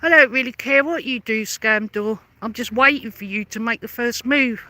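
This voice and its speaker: A woman rants straight at her detractors in a vlog, sarcastic and combative, hammering the same questions again and again. Her voice is sharp and tense, and the recording is dry and close with no room sound. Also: fairly high pitch, moderate pace, dry recording. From London. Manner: confrontational, sarcastic, repeats pointed questions. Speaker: vlogger. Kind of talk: angry rebuttal rant to camera.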